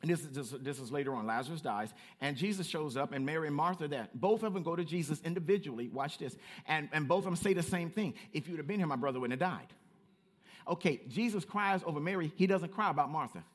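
A man with a high, light voice preaches to his congregation in an animated, playful way. He swings from quiet, reflective stretches to bright, teasing call-outs, with a Southern Black way of speaking. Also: fast talker, few pauses. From United States. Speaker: pastor. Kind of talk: sermon.

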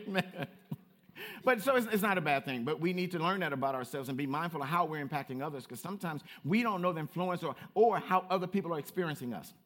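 High-voiced, lively man preaching. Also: fast. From United States. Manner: animated preacher, playful asides to the congregation. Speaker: pastor. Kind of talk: sermon.

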